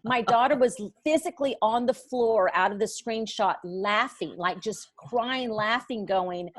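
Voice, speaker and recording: A middle-aged woman, a Bible study teacher, telling a story as a guest in a podcast conversation, lively and acting out the voices of others. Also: a little high, a little slow, no echo. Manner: animated, acts out others' voices in her stories.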